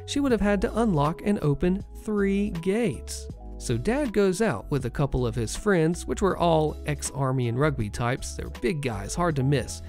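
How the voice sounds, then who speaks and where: A narrator reading online stories aloud in an expressive, animated way. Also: mid-range voice, moderate pace, faint music behind.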